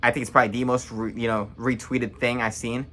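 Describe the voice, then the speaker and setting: A man's voice: mid-range voice, flat delivery, sharp tone. Blunt, rambling young man recapping matches. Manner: blunt, rambling, quick to judge. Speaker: wrestling reaction vlogger. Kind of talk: casual opinionated recap.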